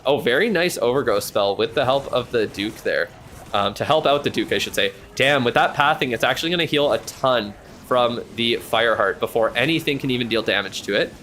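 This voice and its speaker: A man streaming and commentating a match in casual live play-by-play, reacting excitably and chatting with the odd swear word. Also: mid-range voice, brisk, slight background noise.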